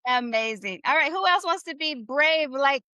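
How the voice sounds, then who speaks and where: A woman with a high, bright voice leads a live online Spanish class. She is upbeat and encouraging, drawing phrases out slowly for her students to repeat. Her sound is dry and close, as on a video call. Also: lively intonation, dry recording. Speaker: Spanish teacher.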